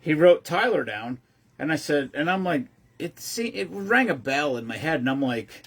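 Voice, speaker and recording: A man's voice: a little high, expressive, normal speed, vocal fry, a bit bright, husky. A man hosting his own show, telling a long-winded, rambling story casually with lots of restarts. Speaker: host of a veteran care-package group.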